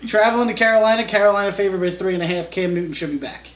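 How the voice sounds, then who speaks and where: A man's voice: high voice, rapid-fire, echoey room, far from the mic. A man co-hosting a casual football betting chat, reading out each matchup and spread like an announcer. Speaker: co-host of a sports picks show.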